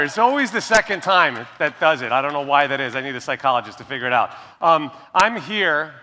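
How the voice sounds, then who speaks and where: A middle-aged man on a conference stage, talking to the crowd with a crisp, bright tone that sits a little high. He tells jokes and rouses the room like a practiced storyteller. His stage mic carries into the long echo of a large hall. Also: lively intonation, fast, hardly any pauses, slight background noise. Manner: jokey, crowd-rousing storyteller. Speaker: onstage speaker and interviewer. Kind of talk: stage talk with a joke told to a crowd.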